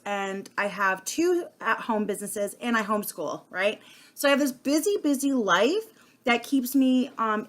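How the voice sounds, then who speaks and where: Talking directly to the camera off the cuff, a sales consultant vlogger shares an earnest, casual monologue. She has a slightly bright, mid-range voice and often restarts or reaches for filler words.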